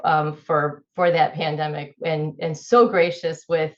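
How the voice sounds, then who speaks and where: Lower-voiced woman cohost, halting, repeats words, muffled lo-fi sound. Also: level tone. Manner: halting, repeats words while she finds her point. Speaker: podcast co-host. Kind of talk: conversational interview chat.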